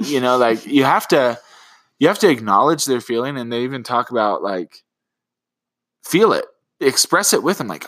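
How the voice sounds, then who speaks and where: Relaxed, rambling man chatting dryly. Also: mid-range voice, normal speed, dry recording. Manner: relaxed, rambling with many fillers. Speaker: podcast co-host and parent. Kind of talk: casual conversational chat.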